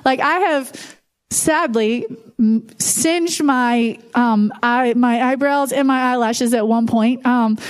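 A woman with a high voice preaches in a church. Her delivery is conversational and animated, full of casual asides and everyday fillers as she speaks to the congregation. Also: takes it slowly. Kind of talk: sermon.

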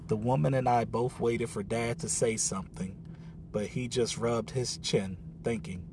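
A man narrating a children's story in a calm, unhurried audiobook reading. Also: mid-range voice, a little hiss or hum.

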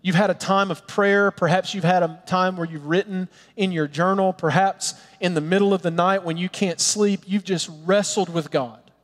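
A man preaching a sermon in an earnest, pleading way, sometimes dropping to soft, tender tones. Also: high voice, fairly even intonation, normal speed, few pauses, long reverb tail. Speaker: pastor.

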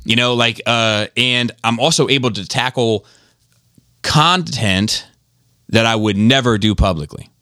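A man's voice: mid-range voice, unhurried, bright, forceful tone, clean tone, dry recording, clean studio sound. A man hosting a casual podcast chat, talking in a rambling, emphatic way and often restarting his sentences. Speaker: podcast host.

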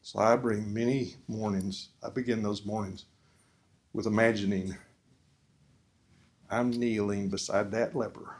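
A man giving an earnest preaching talk at a forum, asking the audience questions and swinging between loud emphasis and soft, quiet lines. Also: lowish voice, fairly even intonation, a little slow, long pauses. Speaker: speaker at a discipleship forum.

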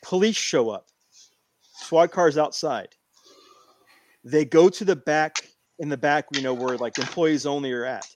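A man in casual chat, animated and repeating phrases as he tells a long story. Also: a little high, unhurried, long pauses. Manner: animated, repeats himself while telling a story.

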